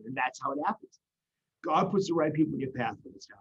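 Fast-talking earnest man, husky. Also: medium pitch, lo-fi sound. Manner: earnest, rambling with restarts. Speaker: guest in recovery. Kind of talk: casual conversation.

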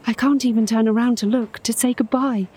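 An actress in an audio drama playing a lonely, obsessive middle-aged woman who fixates on a stranger, talking in a hushed, dreamy, intimate way and sometimes whispering. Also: on the high side, steady tone, a little fast, breathy edge. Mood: dreamy, infatuated.

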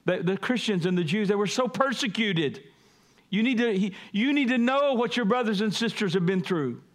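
A pastor preaching a sermon, calling on the congregation to repeat after him and building to emphatic peaks. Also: male voice, high-pitched, animated, moderate pace. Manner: call-and-response preaching, rising to emphatic peaks.

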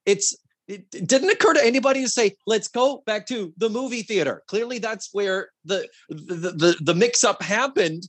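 A man hosting a podcast in a casual chat, talking in an animated, profane way and acting out quotes from a sitcom. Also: high-pitched, normal speed, husky, no room sound. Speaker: podcast host.

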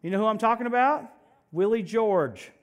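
High-voiced male pastor, animated sermon, joking, loud-to-soft swings. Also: moderate pace.

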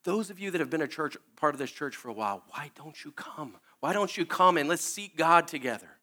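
High bright-voiced earnest male preacher. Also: animated, a little fast. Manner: emotional, tearful at times, candid and earnest with frequent restarts. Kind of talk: sermon.

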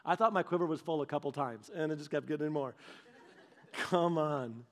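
A man's voice: a little high, normal speed. A man preaching a sermon in a conversational way, acting out little dialogues. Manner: animated, acts out little dialogues; conversational, with casual fillers. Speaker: pastor.

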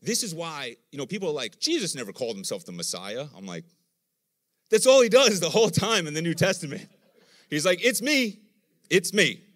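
A man's voice: on the high side, a little fast. A middle-aged man preaching a sermon, telling stories and acting out the voices he quotes. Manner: animated storytelling, acts out quoted voices.

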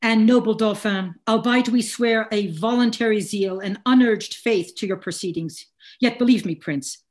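A woman's voice: a little high, lightly acted. A woman reading the part of a grieving noble English lord in a Shakespeare read-through, speaking the verse earnestly.

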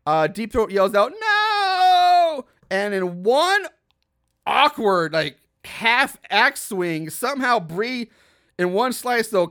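High-voiced man casually recapping a film. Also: a bit bright. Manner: laughing, incredulous asides, swears freely. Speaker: podcast host recapping a film.

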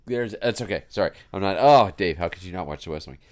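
A man's voice: low voice, animated, fast, a little mellow. A man hosting a podcast, talking in a rambling, folksy way with frequent restarts. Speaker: podcast host. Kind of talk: casual conversation.

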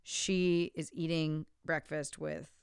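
A woman's voice: low-pitched, little pitch movement, slow pace, vocal fry, clean tone, dry recording, studio quality. A woman casually recapping a film plot, acting out the characters' lines and swearing freely. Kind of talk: casual movie recap chat.

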